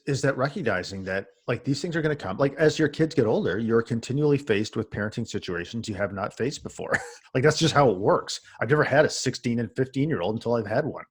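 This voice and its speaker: A man, a husky voice, chatting casually as a podcast co-host and telling an animated, swearing story. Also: mid-range voice. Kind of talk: casual chat among friends.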